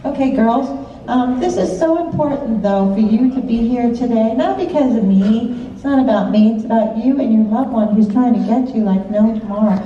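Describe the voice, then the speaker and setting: A woman with a warm, somewhat high voice speaking at normal speed works as a psychic medium, doing chatty live readings for an audience in a big hall, frequently laughing and asking brief check-in questions. Someone in the seats captured it on a phone, so the sound is far-off, echoey and muffled with faint noise.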